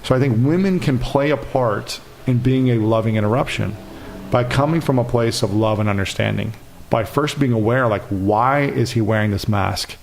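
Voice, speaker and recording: A man's voice: medium pitch, normal speed, vocal fry, a little hiss or hum. A man in his thirties, a podcast guest talking earnestly and telling stories about himself. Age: 30s. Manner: earnest, animated storytelling with acted quotes. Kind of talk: casual interview conversation.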